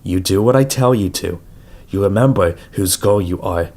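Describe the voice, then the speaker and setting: Brief: a male reader voicing a cruel, controlling man, low and slow, taunting, audiobook. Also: a little mellow. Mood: menacing. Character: menacing controlling grown male abductor.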